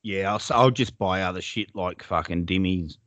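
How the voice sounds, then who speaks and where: Bright, dry-voiced Australian man. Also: deep voice, moderate pace, no echo. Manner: swears constantly, rambling. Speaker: podcast co-host. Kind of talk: casual chat.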